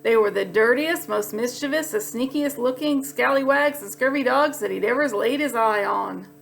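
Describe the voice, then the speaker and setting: A woman storyteller narrating a children's story in a lively, expressive read-aloud. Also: a little high, normal speed, creaky.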